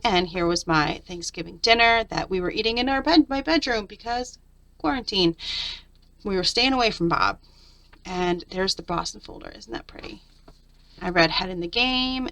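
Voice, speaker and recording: A woman's voice: medium pitch, bright, forceful tone. A middle-aged woman chatting candidly through a journal flip-through, venting about her week. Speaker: papercraft vlogger.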